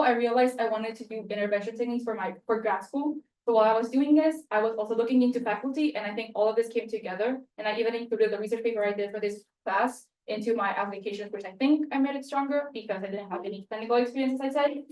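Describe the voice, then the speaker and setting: Young woman from Mexico, student presenter, casual and self-deprecating, slightly high voice, recorded at a distance in an echoey room. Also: fast talker, darkish tone. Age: young adult. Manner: chatty, filler-heavy and self-deprecating. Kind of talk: spoken end-of-year presentation. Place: room at a university.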